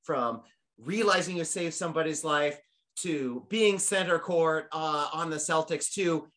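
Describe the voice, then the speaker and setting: A man's voice: on the high side, unhurried, a bit bright. A man hosting a podcast, joking and swearing casually with his guest. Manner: joking, profane. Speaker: podcast host. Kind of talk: casual chat.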